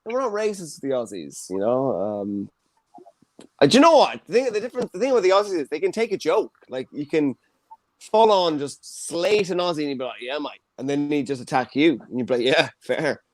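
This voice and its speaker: A man's voice: fairly high pitch, very animated, brisk, darkish tone. A man hosting an online comedy show, teasing guests in casual banter. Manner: playful, teasing, puts on voices. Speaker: host. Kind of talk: casual banter on a video call.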